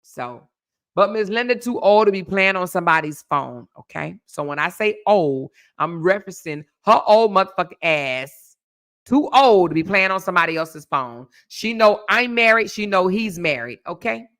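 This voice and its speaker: A woman in her fifties, a blogger chatting casually and reading out viewer comments in a sassy, animated way. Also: on the low side, normal speed. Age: 50s. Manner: sassy, animated, calls listeners honey and baby.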